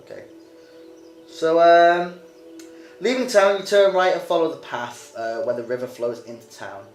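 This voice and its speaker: A game master narrating a tabletop game, hesitant and full of pauses. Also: medium pitch. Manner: hesitant, many ums. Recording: roomy room, faint music.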